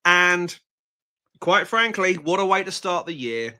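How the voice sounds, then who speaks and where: A man's voice: sits high, animated, unhurried, bright, forceful tone, clean tone. A man co-hosting a live show with wry, theatrical quips. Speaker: co-host. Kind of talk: casual live show chat.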